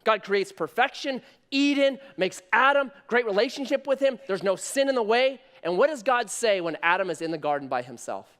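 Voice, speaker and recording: A man in his thirties preaching a sermon, telling a story in an animated, conversational way. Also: sits high, normal speed, few pauses. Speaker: pastor.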